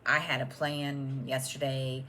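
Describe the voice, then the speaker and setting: A woman's voice: extremely low pitch, level tone, measured pace, pushed and bright, slight background noise. A middle-aged woman chatting casually at home as host of her own stitching channel, rambling with many ums and restarts. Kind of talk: casual chat to camera.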